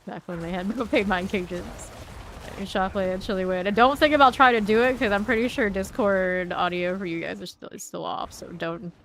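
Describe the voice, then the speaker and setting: A woman's voice: mid-range voice, fairly even intonation, a little fast. A woman streaming a game, chatting casually with viewers, laughing often and reading their messages aloud. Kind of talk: casual gameplay chat. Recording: faint background noise.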